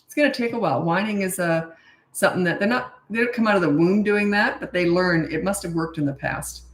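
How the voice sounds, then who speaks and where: A woman's voice: lowish voice, fairly quick. A middle-aged woman parenting coach answering questions in a casual, blunt, matter-of-fact way, with chatty asides. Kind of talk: casual Q&A advice. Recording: roomy echo.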